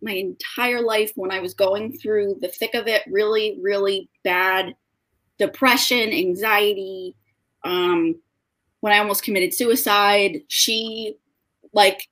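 A young woman, a guest on a video call, telling an emotional story in a casual, tearful way, with lively voices for the people she quotes. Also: medium pitch, measured pace. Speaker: guest, dog owner.

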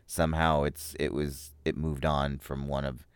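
A man's voice: a bass voice, flat delivery, unhurried, clean tone, no room sound. A man hosting a podcast, casually rambling through a movie review with loose fillers and small chuckles.

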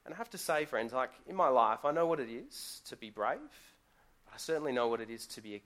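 A man's voice: medium pitch, fairly quick, fairly bright tone. Guest pastor, male, chatty live church sermon full of rhetorical questions. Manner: conversational storytelling with rhetorical questions.

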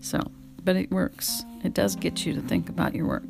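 Low gravelly woman reading aloud at home. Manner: unhurried reading, breaks off to talk to her pet. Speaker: reader and podcaster. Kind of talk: casual reading aloud of a memoir with asides. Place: home, indoors. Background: guitar music.

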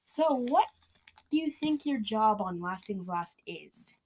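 A woman's voice: medium pitch, expressive, unhurried. A woman hosting a joke quiz show and playing the contestants herself, in a jokey manner. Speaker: host of a mock quiz show. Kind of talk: comedic sketch, one person playing all contestants.

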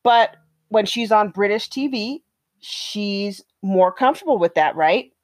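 A woman with a mid-range voice co-hosts a relaxed talk show. She chats casually, hedges with many fillers and chimes in often to agree. Her voice sounds dry and close to the mic. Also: mid-range voice, measured pace, dry recording. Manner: chatty, hedging, many fillers and agreeing asides. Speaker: co-host. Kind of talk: casual opinion chat.

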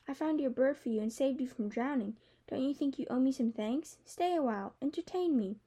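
A cocky young dragon prince in human form, as a woman reading a storybook puts him on. He teases and boasts in a mellow, fairly high voice, pushing his lines a little louder than the narration. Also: brisk, husky. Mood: teasing. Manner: teasing, boastful. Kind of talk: audiobook character voice.

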